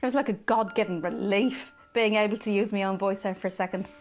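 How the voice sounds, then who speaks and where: A woman's voice: mid-range voice, a little fast, close to an everyday voice. An actress playing a presenter who drops her on-air voice after a broadcast, talking in loose, salty banter with an Irish accent. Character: off-air female presenter dropping her act, jokey and blunt. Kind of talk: scripted game acting.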